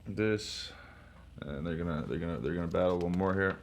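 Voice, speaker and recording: A young man casually paging through a comic, talking in an excitable, profane, rambling way with shouted sound effects. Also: sits low, a little fast, a little hiss or hum. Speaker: comic book reviewer.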